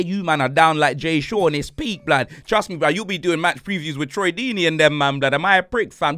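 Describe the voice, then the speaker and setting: A young man hosting a casual football chat, teasing and animated, full of slang. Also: on the high side, a little fast, few pauses. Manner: animated, teasing, shouts and laughs, London slang. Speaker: host.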